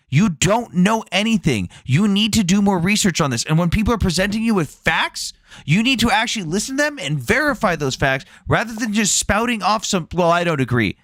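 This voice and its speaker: A man with a high-pitched voice drives a heated live debate in a forceful, rapid-fire rush. He swears freely and talks over people. The sound is dry and close. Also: no room sound. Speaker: debate host.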